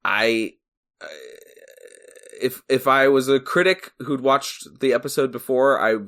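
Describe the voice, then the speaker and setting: A man's voice: medium pitch, unhurried, fairly bright tone. A man co-hosting a podcast, chatting casually and analysing a series, now and then acting out characters' lines. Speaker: podcast co-host. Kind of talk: casual chat.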